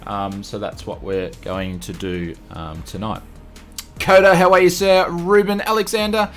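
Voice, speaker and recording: A man's voice: fairly low pitch, steady tone, measured pace, faint music behind. An Australian man hosting a casual livestream, upbeat and greeting chat viewers one by one with repeated welcomes. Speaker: livestream host.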